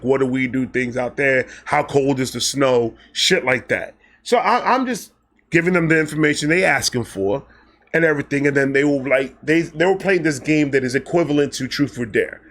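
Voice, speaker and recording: A man from Brooklyn, telling a personal story in a casual, profane, animated way, slipping into voices when quoting people. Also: medium pitch. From Brooklyn, New York.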